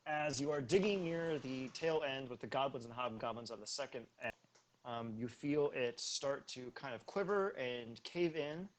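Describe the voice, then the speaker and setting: A man narrating a tabletop role-playing game as game master, explaining rolls quickly between relaxed fillers. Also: mid-range voice.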